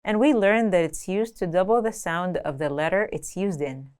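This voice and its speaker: A woman with a lowish, darkish voice teaches a scripted language lesson. She speaks clearly and deliberately, slowing down when she says example words.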